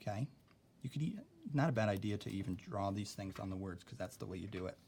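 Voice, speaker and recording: A young male teacher, with a slightly low voice, walks through a spelling lesson at a patient, careful pace and keeps checking in with "okay?". A faint hiss sits under the recording. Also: fast talker, a little mellow.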